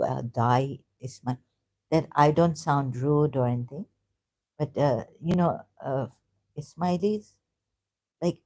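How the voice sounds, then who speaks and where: A woman vlogging about religion to camera, hesitant and halting with many restarts, earnest and openly frustrated. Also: low-pitched, warm tone. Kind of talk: unscripted talk to camera.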